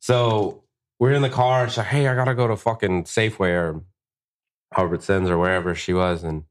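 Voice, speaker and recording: A young man with a deep, low-pitched voice tells a profanity-heavy story in a relaxed podcast chat. He slips into the voices of the people in the story as he quotes them. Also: normal speed. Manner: profane, animated storyteller who acts out quotes. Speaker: guest tattoo artist.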